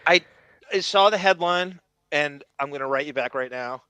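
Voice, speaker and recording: A man's voice: fairly high pitch, moderate pace, bright, forceful tone, smooth, no room sound. A man hosting a podcast, talking in an enthusiastic, rambling way with frequent restarts. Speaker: podcast host. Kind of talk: casual chat.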